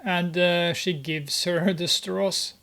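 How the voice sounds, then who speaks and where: A gamer narrates gameplay slowly, with many hesitations and amused exclamations. The pitch stays flat and level. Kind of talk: gameplay commentary.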